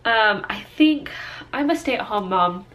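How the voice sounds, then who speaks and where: A woman's voice: medium pitch, expressive, takes it slowly, a bit bright. Tearful, congested young woman vlogging. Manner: rambling, many fillers and restarts. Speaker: vlogger, stay-at-home mom. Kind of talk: casual personal vlog.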